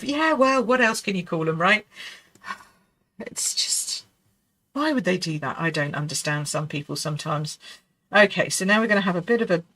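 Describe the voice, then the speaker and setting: A middle-aged woman leads a live card-making lesson with a bright, clear voice. She chats warmly to her viewers, reassures beginners and laughs often, muttering to herself mid-task. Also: fairly low pitch, expressive, moderate pace, pauses often. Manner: chatty, reassuring, laughs often, talks to herself while working. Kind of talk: live crafting demonstration.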